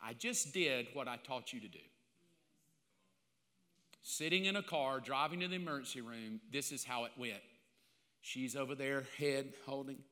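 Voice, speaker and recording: An older man, a pastor, telling a personal story in a sermon, confessional and self-mocking, swinging between loud outbursts and hushed asides. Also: medium pitch, normal speed, long pauses, long reverb tail.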